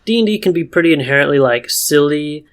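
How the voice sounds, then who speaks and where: A man's voice: fairly high pitch, lively intonation, fast talker, clear, resonant tone. A man co-hosting a casual podcast about tabletop games, talking in a rambling way with many fillers and restarts. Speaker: podcast co-host.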